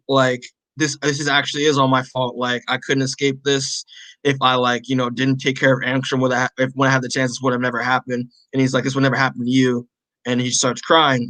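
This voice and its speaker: A man co-hosting a podcast, casually recapping a comic issue with lots of fillers and quick acted-out character lines. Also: medium pitch, pushed and bright, no room sound, poor audio. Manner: rambling, many fillers, acts out characters' lines. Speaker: podcast co-host.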